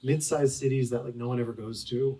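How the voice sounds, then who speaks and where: A man in his forties tells stories as the guest at a bookstore event. He rambles, with lots of "like" and restarts, in a dark, mellow tone. The mic sits at some distance. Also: medium pitch, fairly even intonation, a little fast. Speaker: author guest. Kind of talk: storytelling at a live book talk.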